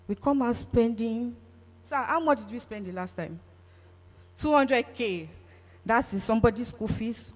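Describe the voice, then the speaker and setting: A woman with a Nigerian English accent hosts a live session, playful and teasing as she draws in the audience. Her voice carries a long reverb from a large hall. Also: medium pitch. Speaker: event host. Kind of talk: lively audience engagement. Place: event hall.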